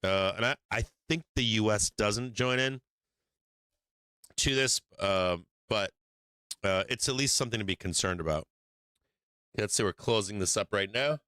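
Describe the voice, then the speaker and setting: A man hosts a live stock market stream, casually rambling, cursing, and restarting often as he works his charts, sometimes drifting off mic while handling his screens, all while he has the hiccups. His voice is on the low side with a sharp, clean tone, and he speaks at normal speed with frequent pauses, recorded dry.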